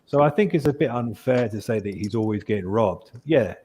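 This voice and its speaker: A man's voice: on the low side, lively intonation, a little fast, background noise. A man on a panel chat, speaking earnestly and persuasively. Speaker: panel guest. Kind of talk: casual chat.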